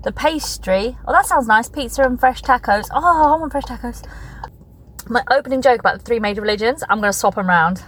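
A thirty-eight-year-old stand-up comedian chats in a casual, self-deprecating vlog-style monologue. Her voice is slightly high and fairly bright, and she talks briskly. The background is noisy.

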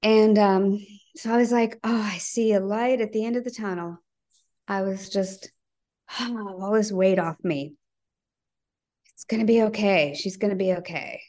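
A middle-aged woman, a podcast guest, telling a personal family story earnestly and acting out the dialogue, her voice sinking low at the heavy parts. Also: measured pace, a little mellow. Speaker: podcast guest, bereaved mother.

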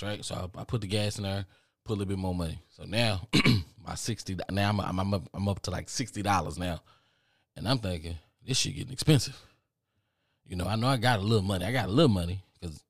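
A man hosting a podcast, telling a rambling, profane story in a casual, animated way. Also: sits low, no echo, clean studio sound. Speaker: podcast host.

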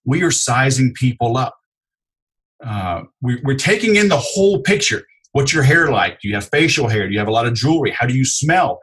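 Animated husky-voiced man telling sales stories. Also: medium pitch, poor audio. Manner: animated storyteller, acts out customer dialogue. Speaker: sales expert guest. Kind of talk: podcast interview.

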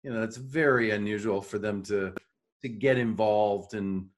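A man's voice: on the low side, moderate pace. A man co-hosting a podcast, chatting casually and giving short supportive reactions. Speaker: podcast co-host. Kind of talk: casual chat.

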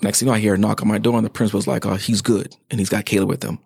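A man's voice: lowish voice, racing, gravelly, husky, no room sound, studio quality. A man, a former fourth grade teacher, telling a story in an interview and acting out the people in it. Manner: animated, acts out quoted voices.

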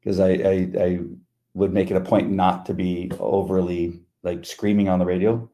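Low, mellow-voiced man chatting on a podcast. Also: flat delivery, moderate pace. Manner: laid-back storyteller, acts out quotes. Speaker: podcast co-host. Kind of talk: casual chat.

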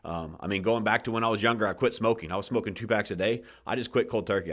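A man's voice: lowish voice, fast talker, few pauses, fairly bright tone. A man hosting a podcast, talking casually and passionately, swearing often and restarting his sentences, getting emotional as he tells his story. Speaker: podcast host.

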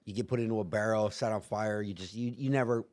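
A man's voice: fairly low pitch, fairly even intonation, quick pace, a little mellow. A man telling a story in casual chat, rambling and profane, acting out quotes in put-on voices. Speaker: guest.

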